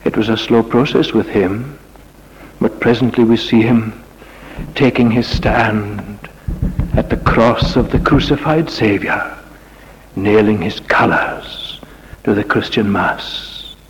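Slow, dramatic male preacher in a reverberant church. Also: on the low side, muffled recording. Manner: dramatic preaching with rising rhetorical questions and sudden soft passages. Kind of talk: sermon.

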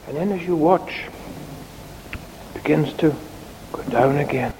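Giving a children's talk, a preacher speaks in a gravelly, medium-pitched voice with an unhurried, animated, sing-song delivery. A long reverb suggests a large hall, and there's slight background noise.

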